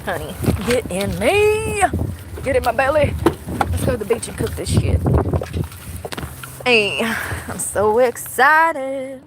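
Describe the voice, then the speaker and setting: A woman's voice: on the high side, huge pitch swings, normal speed. Young woman, casual vlog chatter, phone mic, noisy outdoor background. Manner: chatty, self-deprecating, swears casually. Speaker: vlogger.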